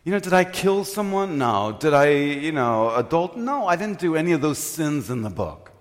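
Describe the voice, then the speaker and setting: A man's voice: fairly high pitch, sing-song, moderate pace. An older man preaching in a humorous, self-mocking storytelling way, often laughing. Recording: reverberant hall.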